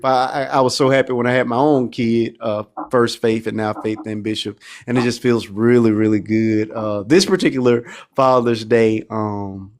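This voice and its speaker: A man hosts a casual live-stream talk show. He speaks warmly and openly, and his words pile up in repeats as emotion catches him. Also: mid-range voice. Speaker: podcast host.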